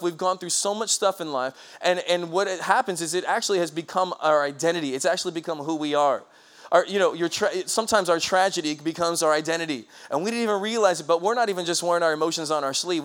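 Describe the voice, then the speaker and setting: A pastor preaching an energetic sermon, often calling out questions to the congregation. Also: male voice, a little high. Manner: frequent restarts.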